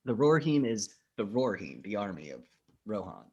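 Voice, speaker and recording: A man's voice: lowish voice, a little fast, slightly rough, muffled recording. A man co-hosting a podcast, casually retelling movie scenes with lots of swearing. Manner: profane, animated scene retelling. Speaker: podcast co-host. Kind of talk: casual film discussion.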